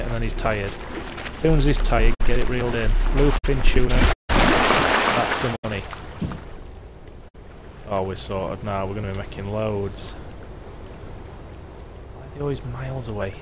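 A man giving chatty, excitable live commentary as he plays a game, talking himself through each step. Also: medium pitch, normal speed, pauses often. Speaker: streamer. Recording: loud game noise under voice.

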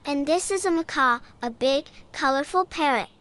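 A woman with a high voice narrates a scripted lesson for children at a moderate pace. She sounds bright and encouraging and frequently invites the listener to join in.

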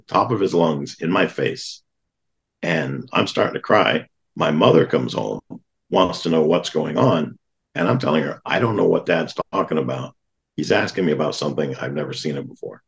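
Middle-aged male guest, deep and gravelly, earnest plain storytelling. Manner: earnest, plainspoken recounting of childhood memories. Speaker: podcast guest. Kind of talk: storytelling in an interview.

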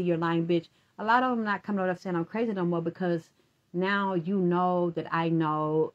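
A woman's voice: lowish voice, highs cut off. A woman in a rambling personal rant, profane and accusatory, talking to absent people in long run-on streams. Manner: addresses absent people directly.

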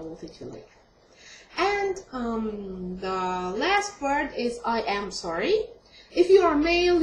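A woman giving a casual online language lesson, hesitating often with ums and self-corrections and repeating each word slowly for her students. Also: a little high. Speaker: language teacher. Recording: echoey room with faint ambient noise.

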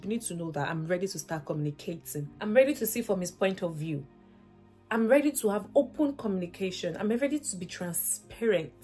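A woman's voice: on the low side, a little mellow. A woman vlogger giving faith-based relationship advice, earnest and emphatic, repeating her points as rhetorical questions.

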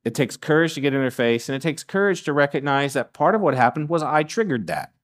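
A middle-aged man preaching a sermon in a church in a somewhat higher voice. He talks in an animated way, restarting phrases and acting out little asides to the congregation. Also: fast. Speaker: guest preacher. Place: church sanctuary.

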